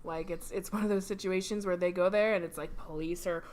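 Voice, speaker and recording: A woman's voice: fairly low pitch, fairly even intonation, brisk, a little mellow. A woman co-hosting a podcast, improvising a comic story in a rambling, playful way. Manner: rambling, playful, many restarts. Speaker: podcast co-host.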